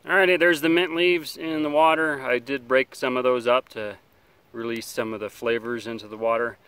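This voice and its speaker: A man hosting a casual outdoor survival vlog, talking in a relaxed, rambling way by a campfire, sometimes chewing as he speaks. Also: mid-range voice, moderate pace, clear, resonant tone. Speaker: outdoor survival channel host.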